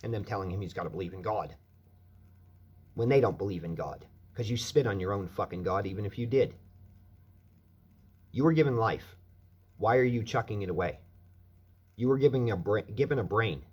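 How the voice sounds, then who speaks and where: A man's voice: lowish voice, animated, moderate pace, pauses often, husky. A man delivering a profane, angry rant as a vlogger, swearing constantly.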